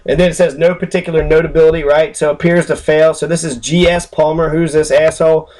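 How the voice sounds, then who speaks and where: A man's voice: on the high side, flat delivery, quick pace, darkish tone. A man ranting angrily and profanely while he walks through a screen recording, rambling and full of fillers, with a sarcastic, mocking edge. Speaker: channel host. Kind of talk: angry screen-recorded rant.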